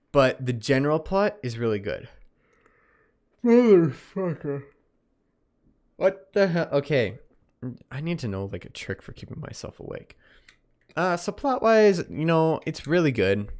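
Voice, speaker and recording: Tired young man rambling through a review. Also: medium pitch. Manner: rambling, self-correcting, easily distracted, yawning. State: tired, keeps yawning. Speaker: podcast host reviewing anime. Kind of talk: casual solo podcast review.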